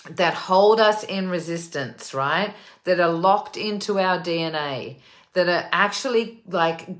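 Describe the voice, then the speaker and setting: A woman hosting a casual talk, telling a personal story in a chatty, animated way with many fillers. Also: fairly low pitch. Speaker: host.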